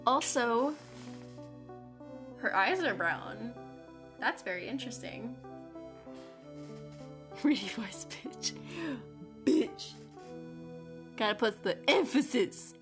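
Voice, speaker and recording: A woman's voice: a little high, lively intonation, slow, pauses often. A young woman streaming a game, making crude, swearing, joking asides between the dialogue. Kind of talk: casual gameplay commentary. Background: game music.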